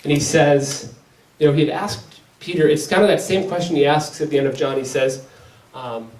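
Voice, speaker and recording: A man's voice: fairly high pitch, steady tone, normal speed, a little mellow, a little hiss or hum. A man giving a casual talk on faith at a parish gathering, telling stories loosely with many restarts. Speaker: Catholic speaker. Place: parish hall. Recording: echoey hall, picked up from a distance.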